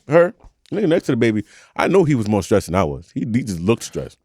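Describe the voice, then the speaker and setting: A man co-hosting a podcast, chatting casually in an animated, profane rant with frequent laughter. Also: medium pitch, brisk, no room sound. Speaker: podcast co-host. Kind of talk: casual chat.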